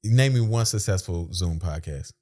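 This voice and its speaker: Animated man hosting a podcast. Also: sits low, moderate pace. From South Carolina, US. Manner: animated storyteller, conversational slang. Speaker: podcast host. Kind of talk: casual podcast chat.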